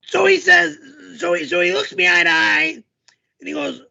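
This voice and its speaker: A man voicing a loud, crude storyteller character who yells all the time, in a raspy, strained voice. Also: very high voice, steady tone, moderate pace, lo-fi sound, voice pushed up, heavily acted. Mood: yelling. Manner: yelling, crude and rambling. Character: loud, always-yelling male storyteller character.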